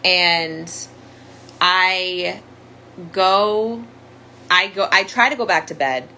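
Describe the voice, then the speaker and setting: A woman's voice: on the low side, drawn-out words, pushed and bright, a little hiss or hum, low-quality recording. A young woman candidly telling her own story as a survivor, in a conversational monologue full of "like" fillers. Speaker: domestic violence survivor sharing her story.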